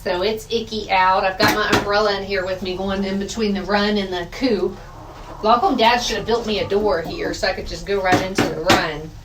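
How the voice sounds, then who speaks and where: A woman's voice: medium pitch, steady tone, brisk, reverberant, far from the mic. A woman, chatting casually to her viewers and her chickens in a homey way. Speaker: vlogger. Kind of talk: casual vlog chat. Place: outdoors by a chicken coop in the rain. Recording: loud outdoor noise with chickens. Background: clucking chickens and rooster.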